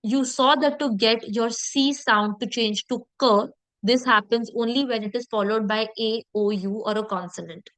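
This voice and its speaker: A woman teaching an online French lesson, explaining step by step and often checking in with her students. She slows down to model French words carefully. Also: on the high side, steady tone, a bit bright, no room sound, poor audio.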